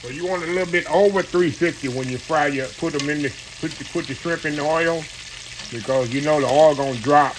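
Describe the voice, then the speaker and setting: A man runs a relaxed home cooking show, talking casually and calling everyone "y'all". His voice sits a little high. Loud sizzling oil and kitchen clatter fill the space behind him. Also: a little fast. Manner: folksy and chatty, often calls viewers "y'all", laughs at his own jokes. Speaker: home cooking channel host. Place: home kitchen with shrimp frying. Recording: clear frying and kitchen noise. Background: oil sizzling and frying sounds.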